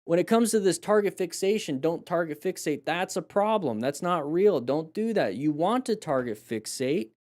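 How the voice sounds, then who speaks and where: A man's voice: fairly high pitch, expressive, moderate pace, hardly any pauses, darkish tone. Emphatic man coaching motorcycle riders. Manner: emphatic, repeats key phrases, acts out riders' panic. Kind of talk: live crash-video review, casual coaching.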